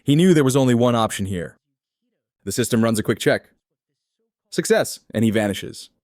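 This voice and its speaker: A man retelling a comic story in steady, scripted third-person narration. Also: mid-range voice, normal speed, dry recording, studio quality. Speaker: recap narrator.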